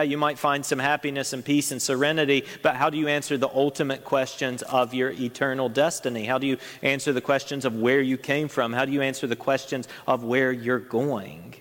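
A man's voice: medium pitch, fairly bright tone, in a large hall. A man preaching a sermon as pastor, earnest, his voice rising to stress each point.

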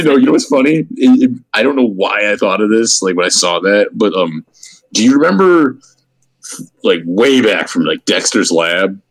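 Co-host, male, low voice, stammery and rambling, dry close mic. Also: a bit bright, no room sound, low-quality recording. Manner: stammering, repeats words, laughs often. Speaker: podcast co-host. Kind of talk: casual podcast chat.

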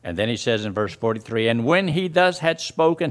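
A man's voice: medium pitch, lively intonation, a little fast. A man preaching a sermon, reading scripture verses aloud and explaining them to his listeners. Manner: reads scripture aloud and explains it, voice rising and dropping sharply.

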